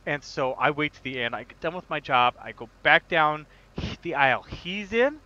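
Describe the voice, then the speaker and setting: Bright-voiced man streaming a farm game. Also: fairly high pitch, expressive, normal speed, dull audio. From United States. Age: 30s. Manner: jokey, rambling, laughs often. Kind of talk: casual gameplay chat.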